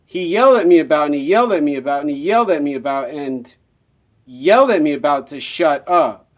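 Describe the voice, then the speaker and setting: A man's voice: on the high side, expressive, a little fast. A man telling a personal story in a rambling, repetitive monologue.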